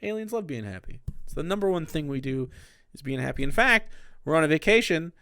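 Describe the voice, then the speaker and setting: A man doing a chirpy, soft-spoken alien tourist. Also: fairly high pitch, very animated, fairly quick, smooth, dry recording, studio quality, pitched above the performer's own voice, heavily acted. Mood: cheerful. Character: cheerful happy-go-lucky alien tourist.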